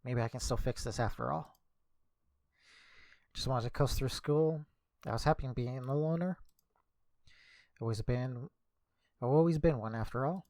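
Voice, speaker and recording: A man's voice: mid-range voice, moderate pace, pauses often, a little mellow, no room sound. A young man streaming, reading a visual novel aloud casually, correcting his slips as he goes.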